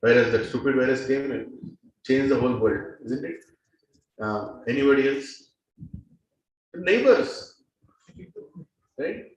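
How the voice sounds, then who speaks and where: A man's voice: mid-range voice, expressive, takes it slowly, long pauses. A man with an Indian accent teaching a class, asking the audience questions and laughing now and then. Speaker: spiritual teacher. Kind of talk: lecture to a class. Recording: echoey hall from far off.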